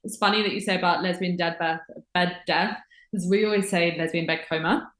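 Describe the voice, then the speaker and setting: A woman's voice: lowish voice, steady tone, a little fast, fairly bright tone, a little hiss or hum. Chatty London woman in echoey room. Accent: London English. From England. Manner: chatty, swears freely, many fillers. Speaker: podcast guest. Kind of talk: casual chat. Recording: roomy echoey sound.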